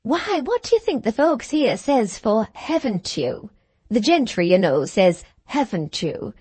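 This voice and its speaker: A woman's voice: fairly high pitch, sing-song, measured pace, darkish tone, breathy edge, dry recording, full character voice. Woman voicing a wheezy mincing innkeeper guy, super deferential, sir this sir that, dry audiobook sound. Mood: chatty. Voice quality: treble, wheezy voice with a mincing accent. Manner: deferential, chatty, says "sir" often. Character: pompous plump male village innkeeper.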